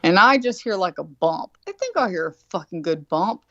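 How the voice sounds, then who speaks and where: A woman's voice: fairly low pitch, normal speed, no echo. A profane woman telling a story in a muffled, dry recording. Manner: profane, animated, acts out quotes. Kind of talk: casual storytelling. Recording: dull, dry lo-fi sound.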